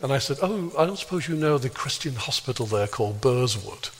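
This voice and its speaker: An Englishman telling a story in a sermon and acting out the dialogue, jumping up high for exclamations and dropping low for quiet asides. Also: expressive, brisk, husky. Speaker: speaker leading a healing prayer talk. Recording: long reverb of a large hall.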